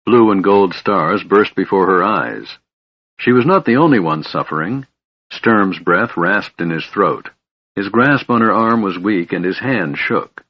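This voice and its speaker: A man narrating a fantasy audiobook in a steady, even reading voice. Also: sits low, measured pace, slightly rough, no echo, highs cut off.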